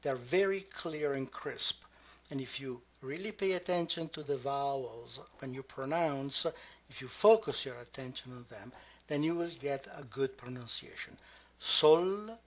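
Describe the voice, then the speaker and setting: A woman teaching pronunciation, modelling each word slowly and deliberately. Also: extremely low pitch. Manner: slow, deliberate, drawn-out modelling of words. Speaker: language teacher. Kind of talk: slow pronunciation lesson. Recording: muffled lo-fi recording.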